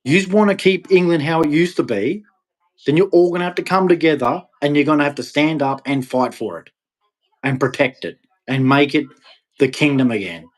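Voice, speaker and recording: A man delivering an impassioned, ranting monologue to camera, with sudden loud, emphatic rises. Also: on the high side, normal speed. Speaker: vlogger.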